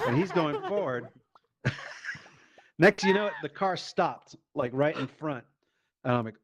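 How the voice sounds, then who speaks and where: Animated man telling stand-up stories. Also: fairly high pitch, measured pace, pauses often, dry recording. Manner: animated, profane, acts out quoted voices. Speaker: stand-up comedian. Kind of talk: stand-up storytelling in a VR comedy show.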